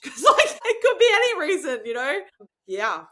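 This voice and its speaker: A woman's voice: high-pitched, very animated, a little fast, a bit bright. A woman hosting a podcast, chatting casually, swearing freely and laughing often. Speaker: podcast host. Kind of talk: casual chat.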